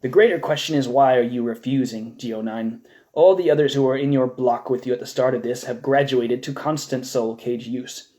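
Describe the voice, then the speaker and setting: A cold, unseen interrogator, read aloud by a man, flat and clinical as it presses its demands. The tone stays mellow and unhurried, in the even pitch of a live audiobook reading. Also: close to an everyday voice.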